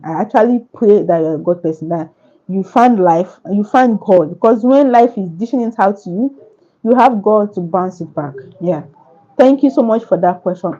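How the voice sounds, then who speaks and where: A woman's voice: fairly low pitch, dark tone, muffled recording. A woman author answering questions at a book launch, speaking earnestly with repetitive, preacher-like phrasing.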